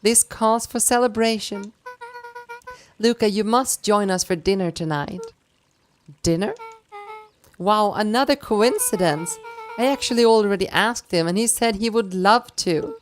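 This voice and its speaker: A woman streaming a story game, reading every character's lines aloud in playful voices and laughing between them. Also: mid-range voice.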